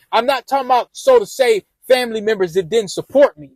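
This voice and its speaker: A man's voice: extremely high pitch, lively intonation, fairly quick, few pauses, no echo, rough recording. A man casually telling a rambling, profane personal story with lots of restarts.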